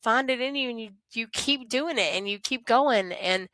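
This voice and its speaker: Woman teacher, heartfelt and animated, close dry mic. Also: on the high side, normal speed, hardly any pauses, no room sound. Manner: earnest, animated storytelling, acts out voices of kids. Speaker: teacher, podcast guest. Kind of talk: casual interview chat.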